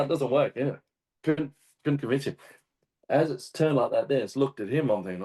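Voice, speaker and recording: A man with an Australian accent, a hunting guest telling a story in casual chat, animated and swearing often. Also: mid-range voice, moderate pace. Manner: animated, swears often, acts out shouted quotes. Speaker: guest hunter.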